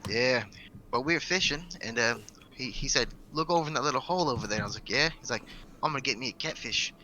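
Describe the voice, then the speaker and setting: A podcast co-host chats casually as a laid-back storyteller, telling rambling stories. His mid-range voice is fast, bright and forceful, with slight background noise.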